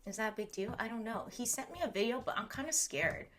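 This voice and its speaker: A woman's voice: fairly high pitch, expressive, fast, fairly bright tone. A young woman from Southern California chatting casually on a livestream, reacting to her chat, saying "like" a lot and laughing often. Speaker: livestream host.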